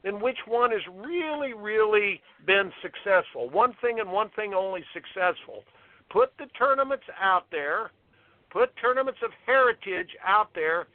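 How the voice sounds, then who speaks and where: A man's voice: sits high, lively intonation, normal speed, no echo. A male tennis coach, a guest, talking with emphatic indignation and repeating himself as he makes his points. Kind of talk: impassioned interview talk. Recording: tinny phone line.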